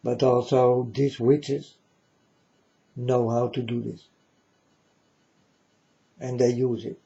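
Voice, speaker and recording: A man's voice: mid-range voice, flat delivery, slow pace, warm tone, dull audio. A man giving a preachy monologue in broken, non-native English, emphatic and repetitive, often asking if the listener understands. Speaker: speaker addressing viewers.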